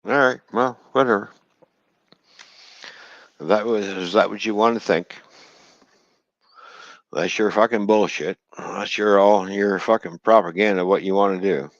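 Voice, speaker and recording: Low-voiced man ranting angrily on stream. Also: measured pace, long pauses, no room sound, dull audio. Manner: profane, bitter, heated. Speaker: livestream host. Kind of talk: angry livestream rant.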